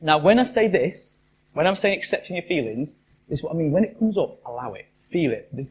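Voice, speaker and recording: A man's voice: a little high, a little hiss or hum. A man giving a chatty live talk to an audience as a motivational speaker, often asking the room questions. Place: live event venue.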